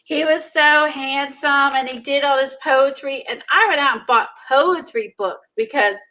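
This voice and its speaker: A woman chatting casually while making art, gushing and excitable, often breaking into giggles. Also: high voice, a little slow, rough recording. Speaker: co-host making mixed media art. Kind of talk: casual chat while crafting.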